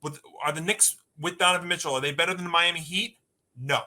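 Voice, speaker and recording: Bright, emphatic male sports podcast host. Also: a little high, steady tone, fast. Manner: emphatic, rattles off lists. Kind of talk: sports talk debate.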